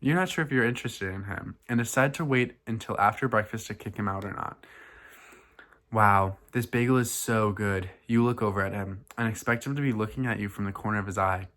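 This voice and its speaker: Guy reading goofy fanfic out loud, deadpan, kinda low voice. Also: fast talker, few pauses. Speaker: vlogger. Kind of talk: reading a fan fiction aloud.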